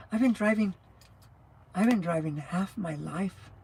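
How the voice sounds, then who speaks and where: Speaking slowly in a lowish, creaky voice with a darkish tone, a New Mexico woman in her sixties rambles casually on her livestream. She drives trucks for a living and has a scratchy, rattly voice, frequently laughing and losing her train of thought.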